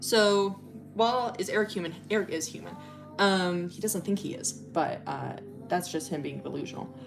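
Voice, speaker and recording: A woman's voice: fairly low pitch, normal speed, gravelly, over music. A woman livestreaming as she draws, telling a story in a rambling, profane way full of fillers. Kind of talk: casual storytelling while drawing.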